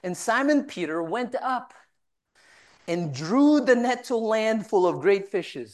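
A woman's voice: a little high, animated, takes it slowly, a little mellow. A woman teaching from the Bible, reading verses aloud and retelling them in casual everyday talk. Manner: reads scripture then paraphrases it in casual voiced asides.

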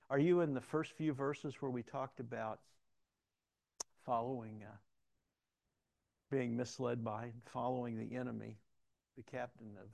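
A middle-aged man delivers a sermon like a pastor talking to his flock, voice gravelly and low in the throat. He restarts sentences often and swings from loud, lively storytelling to quiet, hushed appeals. The sound is dry, with no room around it. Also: no room sound.

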